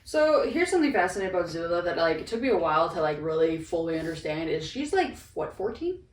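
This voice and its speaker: A woman's voice: fairly low pitch, sing-song, fast talker. A woman chatting casually as co-host while ranking characters, with lots of "like" fillers. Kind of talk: casual chat. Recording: echoey room, distant mic, faint noise.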